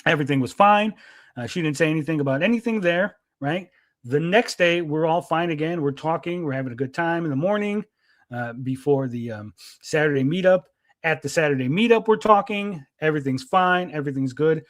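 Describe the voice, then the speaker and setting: Stream host guy venting, kinda high voice, dry close mic, keeps saying right. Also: fairly quick, dry recording. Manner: rambling, agitated, many fillers and repeated "right?". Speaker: livestream host. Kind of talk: casual storytelling on a livestream.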